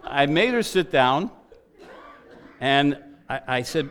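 A man preaching to a church, telling a personal story in an animated way and voicing the people in it. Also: on the high side, slow pace. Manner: animated storytelling with quoted voices.

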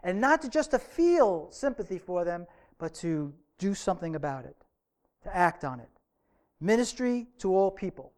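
High-pitched, smooth-voiced male preacher. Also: big pitch swings, darkish tone. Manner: earnest preaching with emphatic, drawn-out phrases. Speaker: pastor. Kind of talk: sermon.

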